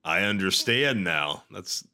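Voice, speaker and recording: A man co-hosting a casual film podcast, talking in a wry, offhand way with frequent swearing and restarts. His pitch sits in the middle but swings widely. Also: animated, slow pace, sharp tone. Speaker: podcast co-host.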